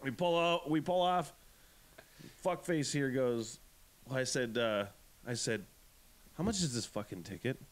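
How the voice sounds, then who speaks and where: A man hosting a podcast, telling a story in a profane, animated, ranting way. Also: mid-range voice, a little slow, long pauses. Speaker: podcast host. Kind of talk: casual podcast chat.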